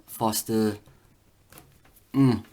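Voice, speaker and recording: A man talking casually to camera in a vlog, rambling and halting with many fillers and restarts as he reads through results on screen. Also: lowish voice, fairly even intonation, dark tone. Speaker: vlogger.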